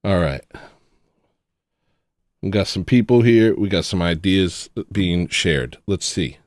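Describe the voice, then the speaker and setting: Man, livestream host, rambling and jokey, lowish voice, dry close mic. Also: expressive, slow, a little mellow, no echo. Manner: rambling, joking, talks straight to chat. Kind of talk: casual livestream chat, reading viewer messages.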